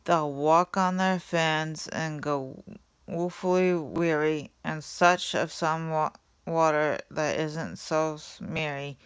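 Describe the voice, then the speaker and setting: A woman voicing a grumpy, coughing small male forest creature who scolds loudly in a storybook reading. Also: low-pitched, steady tone, takes it slowly, clear, resonant tone. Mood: mournful. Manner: scolding, loud and pleading.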